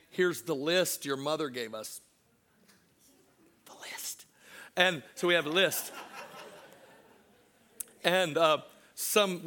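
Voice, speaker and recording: Here a middle-aged man preaches as a pastor, his voice pitched on the high side. His sermon unfolds through a personal story, moving from boisterous, laughing remarks to hushed, unhurried stretches.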